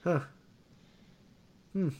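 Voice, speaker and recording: A man co-hosting a podcast, joking loudly and crudely with a friend in casual banter, often trailing off mid-thought. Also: very slow, muffled recording.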